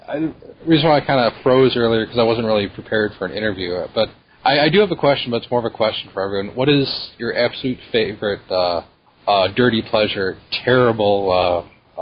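Man, podcast co-host, hesitant, fillers, lowish voice, faint hiss, lo-fi. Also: a little fast, husky. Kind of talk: casual chat. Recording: dull lo-fi audio with faint noise.

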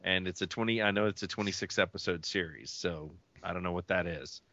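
A man's voice: deep voice, fairly quick, pushed and bright, no room sound, dull audio. A man guest on a podcast, a voice actor, chatting casually and rambling a little with many self-deprecating restarts. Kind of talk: casual chat.

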